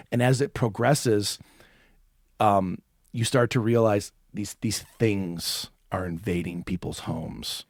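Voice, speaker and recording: A man's voice: lowish voice, moderate pace, darkish tone, dry recording, studio quality. A man co-hosting a podcast, rambling and swearing in casual chat, says like a lot. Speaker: podcast co-host.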